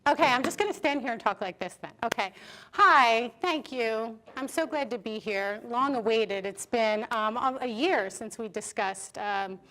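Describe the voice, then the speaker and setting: Lively high-voiced woman lecturing. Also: moderate pace. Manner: lively, chatty, asks audience questions. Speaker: art therapy professor giving a lecture. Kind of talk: public lecture with audience interaction. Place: lecture hall with live audience. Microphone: stage microphone, sometimes moving off it.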